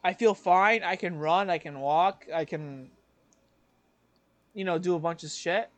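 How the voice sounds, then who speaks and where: A young man co-hosting a podcast tells a rambling story in casual chat, swearing casually along the way. His voice is high-pitched and unhurried, recorded with no echo.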